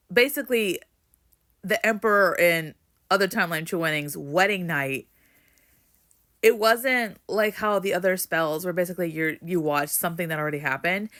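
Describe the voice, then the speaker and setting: Here a young woman vents about a book on her vlog, emotional and profane, rambling with a steady stream of "like." Her pitch is medium and her tone a bit bright.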